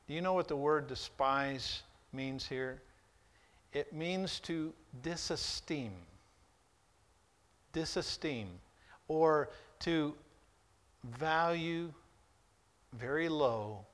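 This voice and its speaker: A man preaching a sermon, reading scripture with deliberate weight and rising to loud, high emphasis before dropping soft again. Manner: preaches slowly, swelling loud and high when voicing God's rebuke, then dropping soft; reads scripture in King James wording with deliberate weight.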